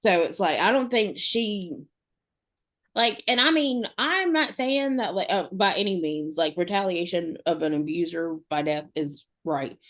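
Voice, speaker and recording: A woman's voice: lowish voice, animated, measured pace, a bit bright. A woman co-hosting a podcast in casual chat, rambling with lots of fillers and restarts. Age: adult mother. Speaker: podcast co-host.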